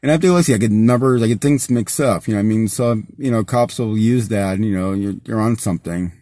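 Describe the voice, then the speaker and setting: A man's voice: fairly low pitch, quick pace, warm tone, no echo, clean studio sound. A man telling a personal story in a casual vlog, rambling with many fillers and restarts, often breaking into angry, profane rants. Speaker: vlogger.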